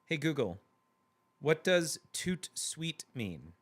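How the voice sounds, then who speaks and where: Male stream host, casual chatty banter, slightly higher-pitched voice, laughs easily. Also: very animated, takes it slowly. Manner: chatty, playful, laughs often. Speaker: livestream host reading chat. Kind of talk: casual chat.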